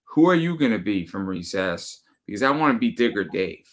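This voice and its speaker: A man hosting a podcast in casual chat, talking bluntly with swearing and animated storytelling. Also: lowish voice, brisk. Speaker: podcast host.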